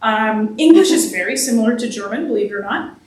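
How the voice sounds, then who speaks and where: A young adult woman, a singer answering audience questions after a concert, explaining things in a chatty way with quick laughs. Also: on the high side, expressive, a little mellow. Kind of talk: casual post-concert Q&A. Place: church concert hall. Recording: echoey hall from far off.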